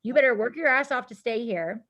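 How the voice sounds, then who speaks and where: A woman guest on a podcast, telling a story in casual chat, animated, laughing often and acting out what people said. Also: fairly high pitch, fairly quick. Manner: animated, laughing, acts out quotes, casual swearing.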